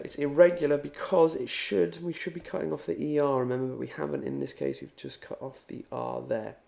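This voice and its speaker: A man's voice: medium pitch, fairly quick, vocal fry, few pauses, warm tone. A man teaching a recorded Spanish lesson, talking to the learner in an upbeat, encouraging way. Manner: upbeat, talks straight to the learner.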